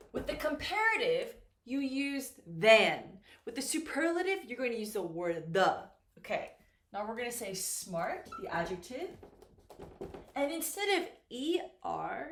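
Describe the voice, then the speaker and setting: A woman's voice: fairly high pitch, a bit bright, slight background noise. A woman teaching English, explaining grammar patiently and repeating key words while checking that her students follow. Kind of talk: slow, clear classroom explanation. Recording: echoey room.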